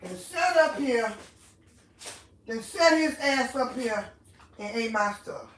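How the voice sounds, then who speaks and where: A high-pitched woman rants in a home vlog, swearing and circling back over the same grievance. Her voice sits a step back from the phone mic. The room rings with echo under a faint hiss. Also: animated, takes it slowly, recorded from a distance. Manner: profane, repetitive ranting in Southern African American vernacular. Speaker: vlogger. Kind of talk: angry venting monologue. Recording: echoey room, voice somewhat off-mic, faint noise.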